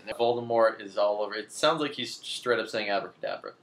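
A young man comically retelling a film in a casual, rambling, deadpan way, slipping into quick silly voices. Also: lowish voice. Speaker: comedian recapping a film. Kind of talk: casual comedic rant.

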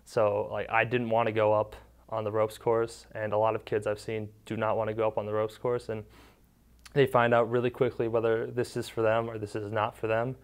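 Young guy telling camp stories, resonant smooth voice, lots of likes, does the kids' lines. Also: on the low side, brisk. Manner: relaxed storytelling, many "like" fillers, acts out kids' quotes. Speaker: interviewee, former camper and counselor. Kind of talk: casual recollection.

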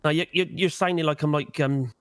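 A man with a West Country English accent, playing a lawyer in a role-play game and chatting calmly with plenty of fillers. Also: fairly high pitch, fairly quick, clear, resonant tone, no echo, clean studio sound. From South West England. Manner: calm, chatty, with many fillers and restarts. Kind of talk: in-character role-play banter.

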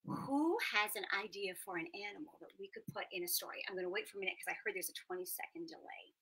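A woman hosting an interactive children's storytime from her small apartment at home. She talks in an animated, playful way and makes sound effects along the way. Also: mid-range voice, fast, vocal fry, breathy edge, low-quality recording. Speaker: children's show host and storyteller.

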